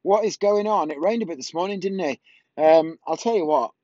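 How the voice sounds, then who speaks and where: A man with a fairly high voice talks in a candid, rambling vlog, often stopping to correct himself. He records on an earphone mic, and the sound is dry and a little dull. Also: fairly quick, warm tone, dry recording. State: has the hiccups. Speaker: vlogger.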